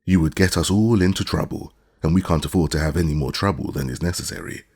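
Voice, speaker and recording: A man's voice: low-pitched, quick pace, a little mellow, slightly rough. A man voicing an earnest, polite young boy in an audiobook, speaking in a pleading, sincere way.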